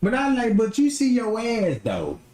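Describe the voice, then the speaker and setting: A young man rants on a livestream in an animated, joking way. He keeps dropping into mocking impressions. The room around him has a roomy echo. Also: very high-pitched, normal speed. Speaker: livestream host. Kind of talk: casual livestream rant.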